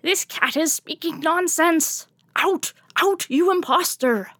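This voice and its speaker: A woman voicing a mischievous female witch cat hologram in a storybook, shrill and excited. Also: slow, no room sound, heavily acted.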